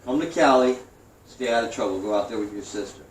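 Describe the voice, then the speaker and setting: A man in his forties from New York, a guest who tells his story in a profane, animated way. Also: fairly low pitch, fast talker. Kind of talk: storytelling interview. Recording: roomy, distant mic, faint hiss.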